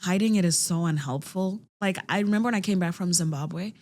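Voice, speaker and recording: A woman's voice: on the low side, a little fast, slight background noise. A woman in her thirties, a podcast guest, talking candidly and animatedly, acting out what others said. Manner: animated storyteller, acts out quotes. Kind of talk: candid conversational interview.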